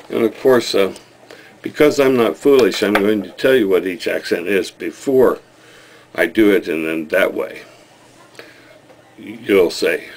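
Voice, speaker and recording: A man's voice: low voice, a little slow, long pauses. A man with a Midwestern accent talking casually to camera, joking at his own expense with plenty of hesitant fillers. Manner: self-deprecating, joking, hesitant with many fillers. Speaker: vlogger. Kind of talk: casual self-recorded video.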